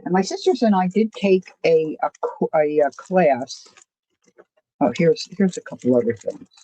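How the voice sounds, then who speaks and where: A woman's voice: deep voice, expressive, unhurried, warm tone, no echo, low-quality recording. A woman hosting a casual crafting livestream, rambling and self-deprecating, often stopping to restart her sentences. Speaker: crafting channel host.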